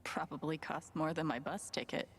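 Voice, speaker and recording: An actress voicing a dry, sardonic young woman in a video game, with a husky, gravelly voice. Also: low voice, fairly even intonation, normal speed, a little hiss or hum. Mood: wry.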